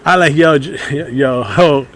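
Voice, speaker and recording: Animated, high-voiced man telling stories. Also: slow pace. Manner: animated storyteller, acts out quotes in a raised voice, laughs often. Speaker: podcast co-host. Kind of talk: casual chat among friends.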